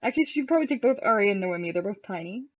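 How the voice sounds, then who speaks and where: A woman's voice: medium pitch, lively intonation, very fast, lo-fi sound. A woman playing a tabletop role-playing game, laughing a lot and describing and quoting her character. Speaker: player. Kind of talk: tabletop role-play chat.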